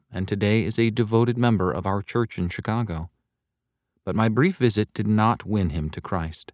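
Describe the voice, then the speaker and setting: A man with a fairly low voice reads a devotional sermon aloud in an earnest, deliberate way, slowing down to stress key points. The sound is dry and close, with no room echo. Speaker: reader of a devotional text. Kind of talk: measured reading of a soul-winning sermon.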